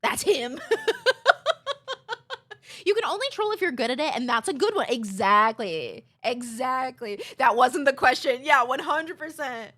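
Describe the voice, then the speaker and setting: A woman's voice: high voice, normal speed, few pauses. A woman livestreamer chatting casually to her viewers, telling stories with playful impressions and swearing freely. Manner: animated storytelling with playful impressions. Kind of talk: casual chat to a live stream chat.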